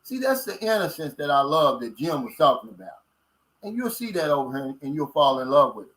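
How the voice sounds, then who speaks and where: A man's voice: a little high, very animated, fairly quick, a bit bright, rough recording. Folksy Kentucky man in his fifties. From Kentucky, USA. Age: 50s. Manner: folksy and blunt, drawls out filler words. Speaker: vlogger reading viewer comments. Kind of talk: casual livestream chat.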